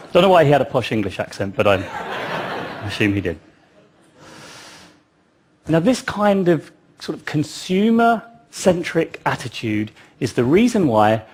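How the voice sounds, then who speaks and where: A man's voice: on the high side, a little mellow, husky. A man giving a public talk, telling it as a story with wry asides. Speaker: speaker.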